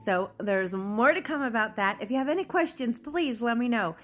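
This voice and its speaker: A woman's voice: on the high side, lively intonation, normal speed, fairly bright tone. A woman sharing a personal testimony, telling her own story in an earnest, emotional way.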